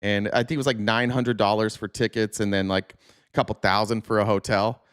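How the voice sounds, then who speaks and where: A man's voice: on the low side, fairly even intonation, fairly quick, a bit bright, clear, resonant tone, no echo, clean studio sound. A man hosting a political livestream, sarcastic and joking, answering his chat as he goes. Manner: sarcastic, talks back to chat. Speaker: host. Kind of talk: casual political livestream commentary.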